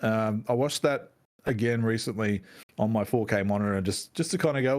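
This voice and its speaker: A man co-hosting a casual gaming podcast, chatty and excitable, swearing freely as he talks. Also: fairly low pitch, a little fast. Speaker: podcast co-host.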